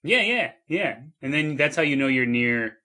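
A man riffing deadpan on absurd ideas in an improvised comedy chat, laughing easily. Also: mid-range voice, normal speed.

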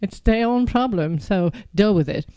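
A woman making dry, deadpan remarks in a casual group chat. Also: mid-range voice, moderate pace, no echo. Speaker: panel guest.

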